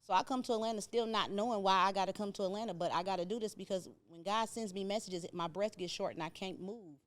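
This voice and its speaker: A woman's voice: mid-range voice, fast talker. A middle-aged woman from Indiana, a podcast guest telling her story in casual talk, acting out what people said. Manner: animated storyteller acting out quoted voices.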